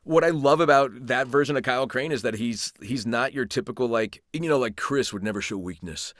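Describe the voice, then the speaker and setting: Animated man telling stories, dry close mic. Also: mid-range voice, fairly quick, dry recording. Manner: animated storyteller with many restarts. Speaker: voice actor guest. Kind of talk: casual interview chat.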